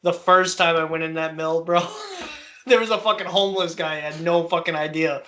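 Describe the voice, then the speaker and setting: A male podcast host telling a story in loose, casual chat. His voice sits high and sounds bright and forceful, and he swears and breaks into laughter as he talks. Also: normal speed. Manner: profane, laughing, animated storyteller.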